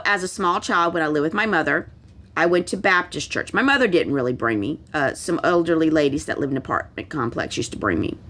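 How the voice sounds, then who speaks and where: A middle-aged woman telling a personal story in a casual monologue, growing emphatic and animated as she goes. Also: mid-range voice. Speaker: spiritual video host.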